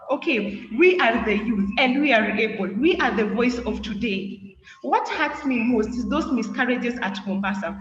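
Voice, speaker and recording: A teenage girl giving an impassioned student speech, asking her listeners one question after another. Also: fairly high pitch. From Kenya. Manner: rhetorical, questioning, earnest. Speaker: student speaker. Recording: echoey hall, distant, muffled, faint noise.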